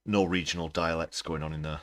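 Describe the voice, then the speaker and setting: A man's voice: very deep voice, fairly even intonation, brisk, over music. A man hosting a livestream, reacting to news clips with wry, dry commentary. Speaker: livestream host.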